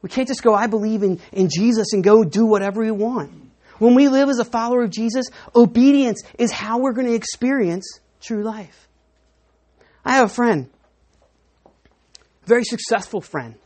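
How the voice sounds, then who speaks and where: Woman preacher, sermon delivery, animated, slips into crowd voices. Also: a little high, normal speed. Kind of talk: sermon with an object lesson.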